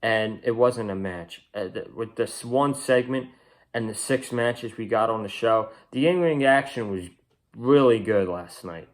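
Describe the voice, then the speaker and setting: Young male reviewer, casual solo review, opinionated and rambling, mid-pitched voice. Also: unhurried. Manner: rambling, opinionated, frequent restarts. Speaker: wrestling show reviewer.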